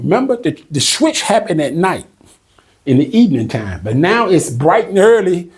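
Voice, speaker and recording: Male Bible teacher, slightly high voice, casual and emphatic, slow over the verses. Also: sing-song, slightly rough. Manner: emphatic and conversational, reads scripture slowly. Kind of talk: casual Bible study commentary.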